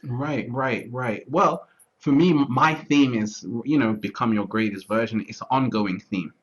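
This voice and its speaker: A man talking through his thoughts in a relaxed, reflective conversation, often restarting and asking whether he is understood. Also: mid-range voice, a little slow, husky. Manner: repeats words, restarts often, asks "you see what I'm trying to say". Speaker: interview guest. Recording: dull lo-fi audio.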